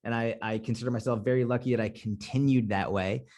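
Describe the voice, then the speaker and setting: A man's voice: medium pitch, steady tone, quick pace, darkish tone. A man from Boston talking on a podcast as a guest coach, blunt and candid, swearing freely. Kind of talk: casual podcast conversation.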